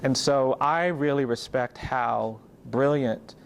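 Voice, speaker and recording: A man explaining civil rights history in a measured, admiring way, with frequent fillers. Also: mid-range voice, creaky, a little hiss or hum. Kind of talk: explanatory talk.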